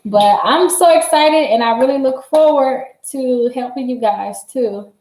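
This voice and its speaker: A woman hosting a casual livestream, chatty and excitable, laughing often and talking straight to her viewers. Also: high-pitched, measured pace. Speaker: credit repair livestream host. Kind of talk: casual livestream chat reading viewer comments. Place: her office. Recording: roomy echo.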